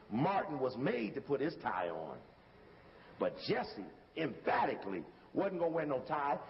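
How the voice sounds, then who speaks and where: The man's high voice, with some vocal fry, sounds like it's in a large hall, and the highs are cut off. He delivers emphatic, casual commentary over video footage, addressing the listener directly and calling out when to stop and rewind.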